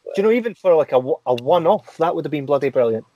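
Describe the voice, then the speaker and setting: A Scottish man hosting a casual podcast interview, chatty and quick to laugh, often restarting his sentences. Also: on the high side, lively intonation, no echo, highs cut off. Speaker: podcast host.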